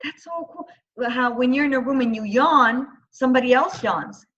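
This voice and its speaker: A woman's voice: sits high, moderate pace, fairly bright tone. A woman interview host chatting casually, effusive and exclaiming. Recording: dull lo-fi audio.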